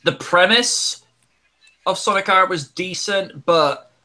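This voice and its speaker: A man's voice: sits high, slow pace, sharp tone. A man hosting a casual gaming talk show, giving blunt, grumbling opinions. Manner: blunt, grumbling opinions with mock-quoted reactions. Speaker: show host.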